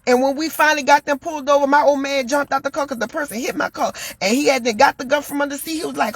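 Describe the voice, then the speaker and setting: High-voiced woman, emphatic and preachy. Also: fast, few pauses, no echo. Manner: emphatic, preachy, repeats phrases for stress. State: shaken, near tears at times. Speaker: commentator. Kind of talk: impassioned personal monologue.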